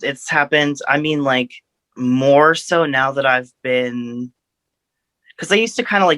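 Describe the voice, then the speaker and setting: A man from Florida, a podcast guest who talks in an unhurried, drawn-out casual way. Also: mid-range voice, bright, forceful tone, no echo.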